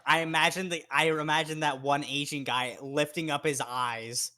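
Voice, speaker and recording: Brief: chatty male gamer, bright slightly raised voice. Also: fairly high pitch, fairly even intonation, normal speed. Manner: laughs often, chatty. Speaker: player. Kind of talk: casual gaming chat.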